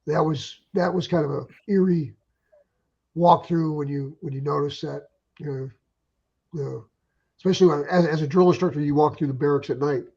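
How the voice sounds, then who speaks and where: A man in his forties, a military veteran and former drill instructor, reflecting in a measured, soft-spoken way. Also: fairly high pitch, fairly even intonation, vocal fry, husky, muffled recording. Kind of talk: casual reminiscing chat.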